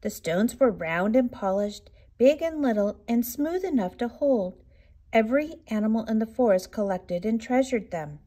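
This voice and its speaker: A woman's voice: a little high, animated, moderate pace, mellow. Woman reading a children's storybook aloud. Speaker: storybook reader.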